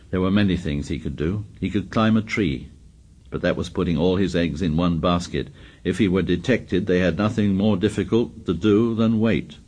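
A man narrating a novel aloud in a measured, dramatic reading, letting his voice sink low and quiet at the ends of sentences. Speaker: audiobook narrator.

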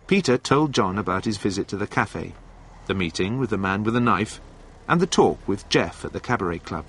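A man reading a storybook aloud in clear, scripted narration. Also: on the low side, animated, fairly quick, fairly bright tone. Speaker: audiobook narrator.

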